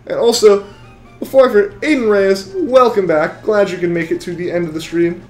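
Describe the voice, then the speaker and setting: A man's voice: sits high, lively intonation, moderate pace, darkish tone, echoey room, faint music behind. A young man live-streaming a game, chatting with viewers in a rambling, casual way. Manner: rambling, chatty, full of restarts. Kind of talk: live-stream chat while shiny hunting.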